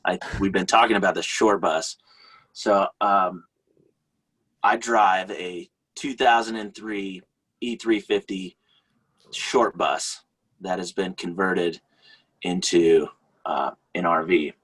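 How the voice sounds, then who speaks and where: A man's voice: low-pitched, fairly even intonation, slow, long pauses, fairly bright tone, husky, low-quality recording. A man, a podcast guest, telling a story casually, chatty and often laughing.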